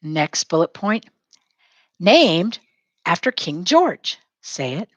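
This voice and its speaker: A woman's voice: deep voice, takes it slowly, breathy edge, dry recording, lo-fi sound. A woman teacher leading a lesson, dictating notes and having students repeat each phrase, spelling words aloud and chatting to herself while she works. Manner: lively, talks to herself while working.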